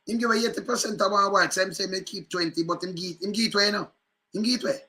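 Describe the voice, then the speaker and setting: A Jamaican man talks over political clips in loose, animated patois, circling back to repeat his points. His voice sits high and rings very bright and sharp. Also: very fast. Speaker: political commentator. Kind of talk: casual commentary on news clips.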